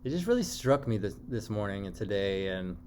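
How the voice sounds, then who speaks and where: A man's voice: on the low side, big pitch swings, a little fast, a little mellow. Rambling, candid man with a faint hum. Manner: rambling, candid, swears freely, many fillers. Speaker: vlogger. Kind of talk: casual personal monologue.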